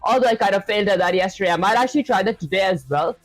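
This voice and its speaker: A man's voice: high-pitched, rapid-fire, no room sound, rough recording. A man hosting a live coding stream, chatting casually and rambling with lots of fillers. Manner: rambling, loose, full of fillers.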